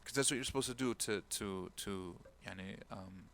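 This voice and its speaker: In a lowish, creaky, slightly bright voice at a moderate pace, a man gives a casual religious talk as an imam. He acts out the figures in his story with a raised voice, sprinkling Arabic phrases and words throughout the lecture-style delivery.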